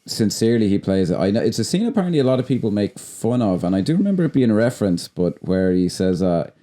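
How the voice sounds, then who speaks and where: A man's voice: lowish voice, sing-song, quick pace, mellow. A man, co-hosting a podcast and talking casually about films, enthusiastic and rambling, with frequent restarts and swearing. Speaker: podcast co-host. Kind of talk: casual film chat.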